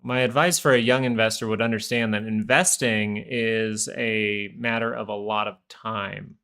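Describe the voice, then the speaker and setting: A man's voice: fairly low pitch, steady tone, normal speed, creaky, sharp tone, clear, resonant tone. A man hosting a live stock market stream, talking casually in a rambling, chatty way. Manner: rambling, chatty, full of fillers and asides.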